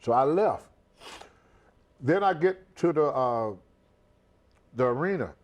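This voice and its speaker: An older man, a retired pro wrestler, telling an animated story in an interview and acting out the voices of the people in it. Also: a little high, slow pace, dull audio. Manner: animated, acts out everyone's voices.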